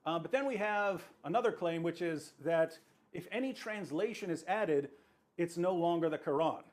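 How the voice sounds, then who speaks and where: High-voiced man arguing a point. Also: a little mellow. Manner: repetitive, emphatic, explanatory. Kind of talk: argumentative presentation.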